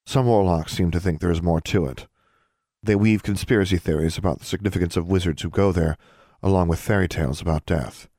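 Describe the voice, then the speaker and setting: Brief: male narrator doing a guarded, stern inquisitor, deep and even. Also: brisk, no echo, clean studio sound. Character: stern, guarded woman official.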